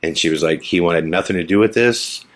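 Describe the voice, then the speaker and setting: A man hosting a podcast, telling a personal story in a lively way and quietly acting out the lines of the people in it. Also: deep voice, fairly quick. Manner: animated, acts out quotes in a hushed voice. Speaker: podcast host. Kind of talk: storytelling monologue.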